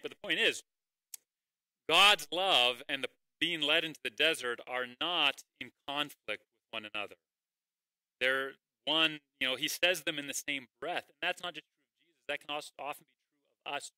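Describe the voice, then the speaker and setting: A man's voice: medium pitch, sharp tone, dry recording, poor audio. A man preaching a sermon as pastor, conversational, with rhetorical questions and occasional fillers.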